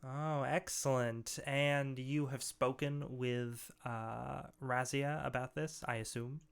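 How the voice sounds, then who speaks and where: A deep-voiced ogre scholar, put on by a man running a tabletop game. He speaks in a heavy bass, formal and measured, and the voice is gravelly yet smooth and resonant. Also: steady tone. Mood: courteous. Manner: measured, formal speech with pauses. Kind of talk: tabletop game role-play.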